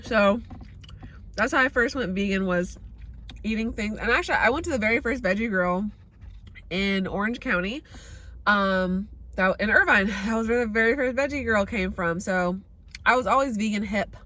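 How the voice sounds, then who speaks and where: A woman's voice: medium pitch, moderate pace, bright, forceful tone. A woman in her thirties from the Bay Area, chatting casually and candidly in a vlog, swearing freely. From San Francisco Bay Area. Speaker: vegan vlogger.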